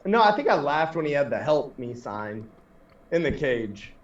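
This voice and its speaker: A man's voice: fairly high pitch, big pitch swings, normal speed. A man co-hosting a podcast, laid-back as he steers a casual chat. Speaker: podcast co-host. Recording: roomy, distant and dull lo-fi sound.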